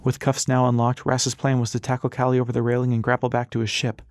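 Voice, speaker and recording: A man's voice: mid-range voice, monotone, fast, a little mellow, no echo, studio quality. A man reading a fantasy novel aloud as scripted narration, shifting his voice slightly for the characters. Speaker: audiobook narrator.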